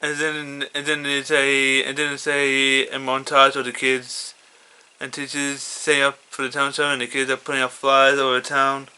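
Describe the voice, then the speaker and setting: A man's voice: mid-range voice, completely flat delivery, moderate pace, pushed and bright, clear, resonant tone. A man casually retelling his own fan story, stammering with many restarts. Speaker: fanfiction reader.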